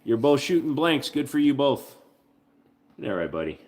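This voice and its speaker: A man's voice: mid-range voice, very animated, moderate pace, a little mellow. A man hosting a casual livestream from home, joking with profanity and cooing baby talk to his dog. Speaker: livestream host.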